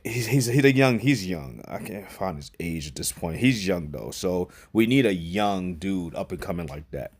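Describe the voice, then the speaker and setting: A man talks through a movie review in a loose, unscripted way. His voice sits a bit low. He swears casually and doubles back on his phrases as he thinks aloud. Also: expressive, normal speed, few pauses, breathy edge. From New York. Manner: loose and profane, repeats himself, laughs often. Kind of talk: casual spoken film review.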